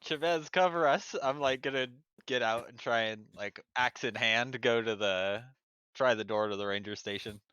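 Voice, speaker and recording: A man playing a character in a casual tabletop game, giggly and animated. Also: lowish voice, normal speed, clean tone, no echo. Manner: giggly, animated, laughs often. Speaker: player. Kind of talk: casual tabletop role-play.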